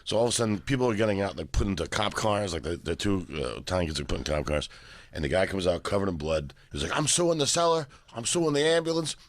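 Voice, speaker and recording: A man's voice: deep voice, fast talker, no room sound. A man, a guest comedian, telling stories casually and acting out the voices of people in them. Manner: animated storyteller, acts out quoted voices. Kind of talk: casual storytelling.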